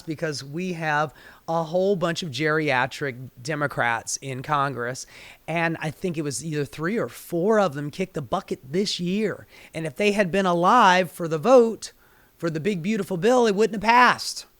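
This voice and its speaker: A woman in a heated political rant, swearing freely and swinging from low, grumbling asides to sudden loud peaks. Her voice sounds strained and worn. She is recorded close and dry, with no room sound around her. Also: no room sound. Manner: profane, fired-up, swings between muttering and shouting. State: voice getting strained. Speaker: political commentary host.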